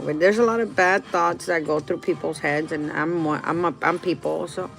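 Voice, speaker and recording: A woman's voice: sits low, steady tone, normal speed, creaky, faint music behind, low-quality recording. A middle-aged woman talking candidly and emotionally to her viewers, answering their questions in a rambling way. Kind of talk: casual heartfelt talk to viewers.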